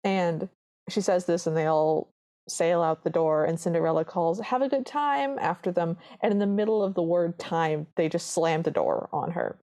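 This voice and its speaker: Low, mellow-voiced woman recapping a film. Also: normal speed. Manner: animated storyteller, acts out quoted lines. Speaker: podcast co-host. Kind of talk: casual chat recapping a film.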